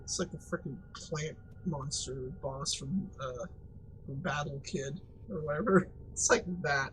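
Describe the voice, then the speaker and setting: A man's voice: on the high side, a little slow, fairly bright tone, a little hiss or hum, poor audio. Rambling, joking man playing a game. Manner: rambling, joking, laughs often, mild swearing. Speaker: gaming commentator. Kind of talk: casual let's-play commentary.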